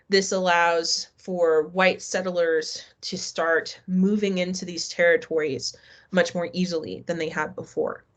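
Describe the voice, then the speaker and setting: A middle-aged woman teaching a live online history class, talking casually and asking her students questions. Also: fairly low pitch. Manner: conversational, asks the class questions.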